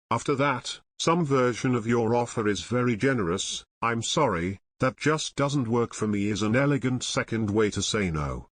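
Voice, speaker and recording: A man reads an audiobook summary in a measured, even way, his voice sitting in an ordinary middle register. The sound is dry and close, with no room around it. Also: medium pitch, no room sound. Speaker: audiobook narrator. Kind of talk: scripted narration.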